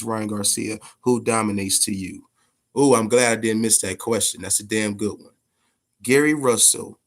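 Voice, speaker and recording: A man hosting a boxing podcast, talking casually and profanely, telling stories in an animated way with big swings in pitch. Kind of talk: casual unscripted commentary.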